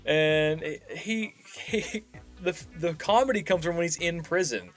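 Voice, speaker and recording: A man's voice: on the high side, measured pace, faint music behind. A man co-hosting a casual podcast, laughing often and swearing freely as he chats. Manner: laughs a lot, lively and profane. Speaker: podcast co-host. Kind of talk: casual chat.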